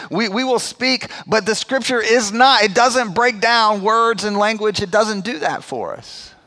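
A man preaching a sermon in a conversational, animated way, dropping to low, quiet emphasis on key points. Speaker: pastor.

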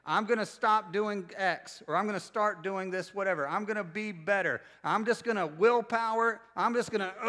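Bright, lively man preaching. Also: sits high. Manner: animated, joking, with sudden loud bursts. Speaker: pastor. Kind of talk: sermon. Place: church service before a congregation.

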